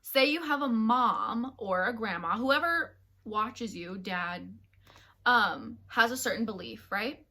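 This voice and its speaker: Bright-voiced woman in casual chat. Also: fairly high pitch, takes it slowly. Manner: animated, laughs often, many fillers. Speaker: co-host.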